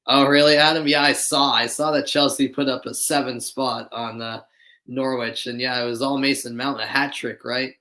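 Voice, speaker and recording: A man's voice: mid-range voice, steady tone, normal speed, sharp tone. A man from Boston doing live play-by-play commentary, chatting with viewers between plays. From Boston, USA. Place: dimly lit room at home.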